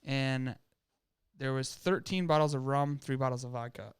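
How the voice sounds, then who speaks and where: A young man with an Upper Midwest American accent, co-hosting a podcast and telling a story in casual chat, animated and full of swearing. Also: mid-range voice, moderate pace, clean tone. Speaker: podcast co-host.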